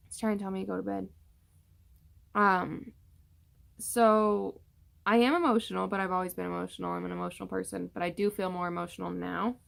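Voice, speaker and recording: A woman's voice: mid-range voice, level tone, a little fast, vocal fry. A young woman casually chatting through a pregnancy update vlog, rambling with many fillers and tired from yawning. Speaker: vlogger.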